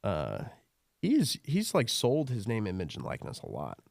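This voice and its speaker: A man's voice: on the low side, wildly swooping pitch, moderate pace, vocal fry, a little mellow, dry recording, studio quality. A man co-hosting a podcast, chatting casually and easily, often laughing. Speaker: podcast co-host. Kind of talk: casual chat.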